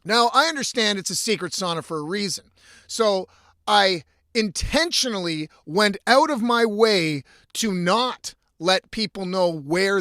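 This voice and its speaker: A man's voice: sits high, bright, forceful tone, no room sound, clean studio sound. A man hosting a casual solo podcast from inside his van, ranting with lots of swearing and restarts. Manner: profane, exasperated ranting with frequent restarts. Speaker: podcast host.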